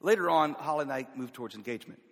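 Southern man, North Carolina roots, middle-pitched, telling a folksy story in a big reverberant hall. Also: lively intonation, racing, gravelly, fairly bright tone. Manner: folksy, self-deprecating, with laughs. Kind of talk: personal storytelling.

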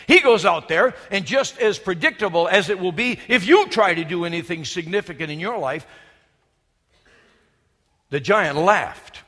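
Man preaching a sermon, emphatic, high bright voice, echoey church. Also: animated, normal speed. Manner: emphatic, storytelling, shifts from loud to hushed. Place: church sanctuary.

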